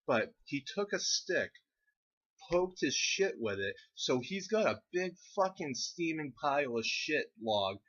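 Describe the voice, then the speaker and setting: A man's voice: fairly high pitch, sing-song, unhurried, a bit bright. A young man casually telling a rambling, profane story from his teens, often laughing through it. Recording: dull lo-fi recording.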